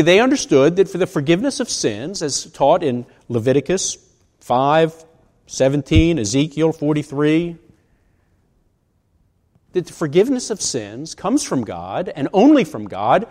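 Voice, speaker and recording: A man's voice: fairly high pitch, big pitch swings, measured pace, pauses often, a little mellow. A man in his sixties preaching a sermon in a conversational way, asking rhetorical questions. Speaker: pastor. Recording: long reverb of a large hall.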